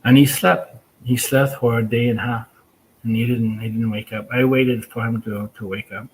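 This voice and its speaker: A man's voice: medium pitch, fairly even intonation, a little mellow, slight background noise, poor audio. A First Nations man, a guest on a talk show, earnestly and reflectively telling a personal story. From First Nations community. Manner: earnest, reflective, slow retelling.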